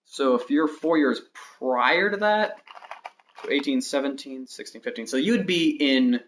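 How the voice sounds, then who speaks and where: While streaming a building game, a man in his early twenties chats casually, thinking aloud, rambling between tasks, and counting blocks under his breath. His mid-range voice is a bit bright with lively intonation, and he speaks a little slowly. Background noise and clicks are noticeable.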